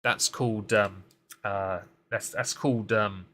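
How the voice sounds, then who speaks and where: A man's voice: on the low side, steady tone, measured pace, sharp tone. Sarcastic man riffing on politics. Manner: sarcastic, mocking asides. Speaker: co-host of a political recap show. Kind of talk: casual live-stream political commentary.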